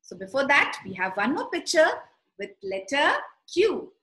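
A woman teaching young children, telling a story and guiding letter writing in a slow, sing-song, animated way. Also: high-pitched. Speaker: preschool teacher. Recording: echoey room.

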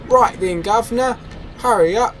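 A man's voice: high-pitched, moderate pace, fairly bright tone, soft background music, voice pushed up, low-quality recording. A man putting on a bossy posh Brit. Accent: put-on British. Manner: bossy, hurrying. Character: bossy posh British gent hurrying someone along.

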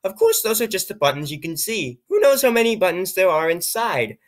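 A man's voice: high-pitched, sing-song, brisk. A man voicing a sinister old male scientist who chuckles and bellows, in a storybook reading. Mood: proud. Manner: bellowing, taunting.

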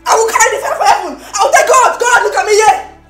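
An actress with a Nigerian accent playing a proud homeowner who shouts at her housemates and laughs at them in scorn. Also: very high voice, quick pace. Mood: ranting. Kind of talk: Nollywood film acting. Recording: echoey room with faint music.

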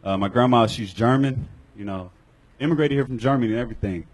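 A man with a husky, slightly rough voice fumbles through a live stand-up minute on a club stage mic. He talks in a halting way and keeps restarting. He apologizes for botching the punchline. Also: medium pitch, rough recording. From Georgia, USA. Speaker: open-mic comedian. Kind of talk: live stand-up set and panel feedback.

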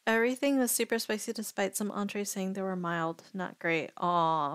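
A woman's voice: medium pitch, fairly even intonation, normal speed, fairly bright tone, smooth, no room sound. A woman streamer chatting casually and thinking aloud, rambling and indecisive. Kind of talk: casual live-stream chat.

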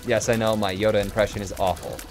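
A man's voice: lowish voice, steady tone, quick pace, music in the background. A man giving casual, chatty commentary while streaming a game and answering his chat.

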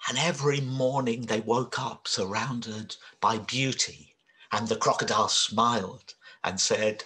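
Male storyteller, children's story, expressive, dramatic, unhurried. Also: mid-range voice. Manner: expressive, dramatic, shifts between whispers and cries.

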